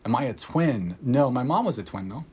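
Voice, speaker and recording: A man, an energy healer, talking in a casual, rambling livestream chat, candid and excitable, swearing freely and laughing often. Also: medium pitch, moderate pace, slight background noise. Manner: loose rambling talk full of "like". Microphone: phone livestream.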